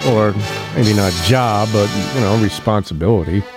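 A middle-aged man hosts a local morning radio show in a studio, talking over loud music. His voice is lowish at a moderate pace, and he chats casually, often chuckling and losing his place in his notes.

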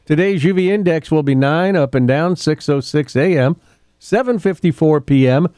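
A man's voice: fairly high pitch, normal speed, mellow, clean tone, no echo, studio quality. A middle-aged man hosting a local radio show, chatting casually, often chuckling and losing his place in his notes. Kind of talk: casual morning radio talk. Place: radio studio.

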